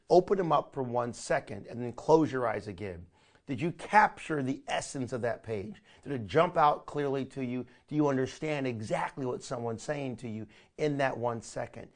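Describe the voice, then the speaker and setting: A man teaching a live online marketing training, energetic and coaching, often calling his listeners "my friend". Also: medium pitch.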